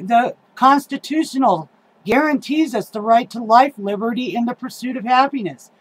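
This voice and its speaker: A woman's voice: on the high side, poor audio. Heated, rambling middle-aged woman ranting. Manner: rambling, heated, swears often; frequent ums and uhs. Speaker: local political activist. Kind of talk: casual rant to camera.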